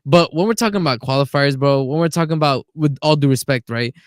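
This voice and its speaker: A man's voice: mid-range voice, quick pace, dry recording, studio quality. Blunt, opinionated man talking football. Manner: blunt, opinionated, says "bro" a lot. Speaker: podcast co-host. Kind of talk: casual football chat. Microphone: video call.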